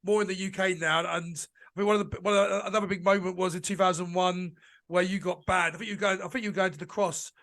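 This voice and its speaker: A man hosting a podcast interview, reacting and asking quick, winding questions with British slang. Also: sits high, steady tone, fairly bright tone. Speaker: podcast host. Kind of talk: casual interview.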